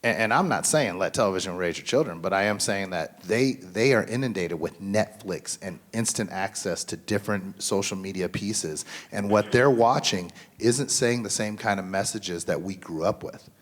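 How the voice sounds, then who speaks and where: Guy in his 30s or 40s at a school mental health panel, kinda low voice, earnest, lots of ums and restarts. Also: animated, normal speed. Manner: earnest, conversational, many fillers and restarts. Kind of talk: symposium panel talk. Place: school event.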